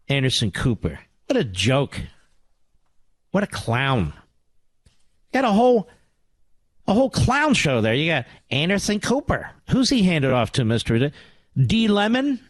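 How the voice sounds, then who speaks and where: A middle-aged man hosting a talk radio show, ranting with sarcasm and swinging between loud outbursts and low mutters. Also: sing-song, measured pace, pauses often, dry recording. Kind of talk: angry talk radio monologue.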